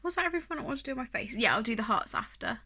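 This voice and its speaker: Woman, casual makeup tutorial chat, bright forward voice, slightly high, rambling and self-mocking. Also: very animated, very fast, husky. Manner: chatty, self-deprecating, rambling with fillers. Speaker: beauty vlogger.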